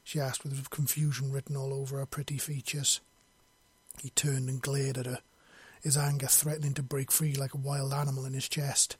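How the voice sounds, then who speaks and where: A man narrating a fantasy story in a steady, measured read. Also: medium pitch, slightly rough, dry recording.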